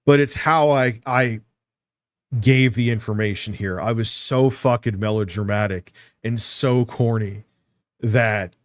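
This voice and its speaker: A man's voice: on the low side, measured pace, no echo, studio quality. A man giving casual live-stream commentary on a video about himself, rambling, swearing and mocking himself. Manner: rambling, profane, self-mocking.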